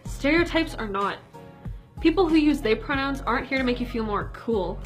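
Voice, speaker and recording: A woman with a fairly high voice gives scripted explainer narration. Her delivery is firm and lecturing, with faint music running behind her. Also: animated, normal speed. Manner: firm, lecturing, matter-of-fact. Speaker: narrator of a tutorial video.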